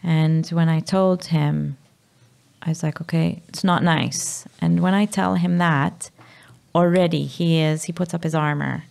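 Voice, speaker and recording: A Maltese woman in her thirties, speaking candidly as a podcast guest, halting and sometimes dropping to a whisper. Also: sits low, fairly even intonation, gravelly, a little mellow. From Malta. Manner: halting, drops to a whisper at times. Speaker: guest, mother.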